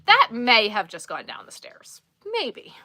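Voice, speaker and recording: A young woman from New York, chatting casually with her live viewers, sassy and quick to laugh, talking to her dog in between. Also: a little high, wildly swooping pitch, pushed and bright. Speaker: livestream host.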